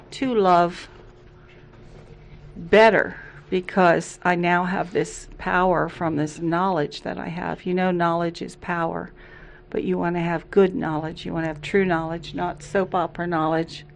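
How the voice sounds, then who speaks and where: Casting note: middle-aged female co-host, lower-pitched, playful and teasing, casual faith chat. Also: fairly even intonation, unhurried, vocal fry, slight background noise.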